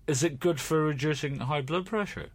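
A man's voice: fairly high pitch, normal speed, breathy edge, no room sound. A man hosting a podcast, chatting casually and telling teasing stories. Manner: teasing, lively storyteller. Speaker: podcast host. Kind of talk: casual comedy chat.

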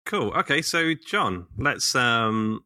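A man's voice: mid-range voice, very animated, takes it slowly, sharp tone, no room sound, studio quality. A man hosting a podcast, chatting casually and enthusiastically. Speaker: podcast host.

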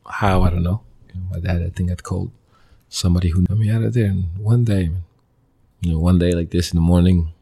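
Gravelly low-voiced man. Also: steady tone, dark tone. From Mali. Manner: earnest, halting, with many restarts and short fragments. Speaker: interview guest, former pro soccer player. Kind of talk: personal storytelling in a conversational interview.

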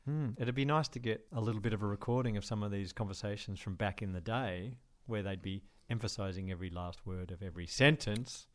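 A man co-hosting a casual history podcast, chatty and quick to banter. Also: lowish voice. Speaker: podcast co-host.

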